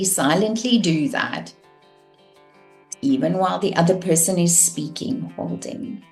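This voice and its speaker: A woman teaching a course on communication, calm and measured, showing vocal techniques. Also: deep voice. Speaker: communication coach.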